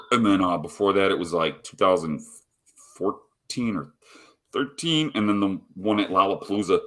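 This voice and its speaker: A man's voice: deep voice, normal speed, a bit bright. A man chatting casually on a live stream, rambling and swearing constantly as he tells stories. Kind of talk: casual chat. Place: home, rolling a cigarette.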